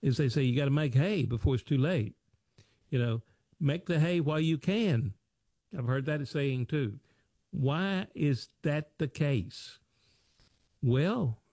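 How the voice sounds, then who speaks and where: In a mellow, medium-pitched voice, an American man delivers an unhurried, expressive talk show monologue on finances. He keeps returning to familiar points with old sayings and rhetorical questions in a folksy way. The studio recording has no echo.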